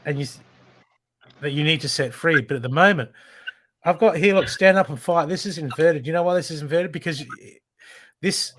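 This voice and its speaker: Emphatic man giving a card reading. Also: fairly high pitch. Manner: emphatic, repetitive, casually swearing. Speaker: intuitive card reader and show host. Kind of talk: live spiritual card reading. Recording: steady background noise.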